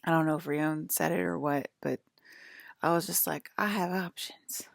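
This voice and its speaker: A woman's voice: sits low, fairly even intonation, moderate pace, creaky, no room sound. A woman in her thirties from the US East Coast with an East Coast accent, rambling casually to her viewers, laughing often and sometimes dropping to a whisper. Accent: American East Coast. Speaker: vlogger.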